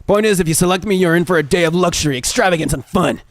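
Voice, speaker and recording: A man voicing a gruff, self-assured male killer from a horror dating game, in a low, smug, deadpan delivery. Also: very fast, dry recording.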